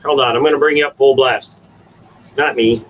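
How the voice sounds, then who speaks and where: A man hosting a casual stream and giving his dogs coaxing commands, jumping to high sing-song calls. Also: steady tone, moderate pace, a bit bright, lo-fi sound. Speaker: stream host. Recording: distant from the mic. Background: dogs, faint room noise.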